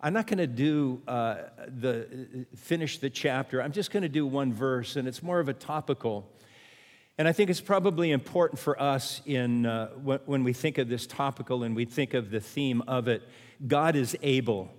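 A man's voice: medium pitch, moderate pace, in a large hall. A man preaching a sermon as pastor, who repeats refrains and asks his listeners questions.

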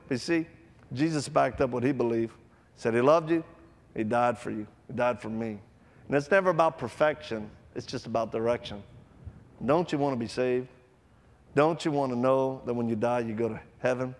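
A man preaching a sermon to a live audience, telling stories with acted-out voices and loud bursts, then leading an altar call. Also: medium pitch, brisk, long reverb tail.

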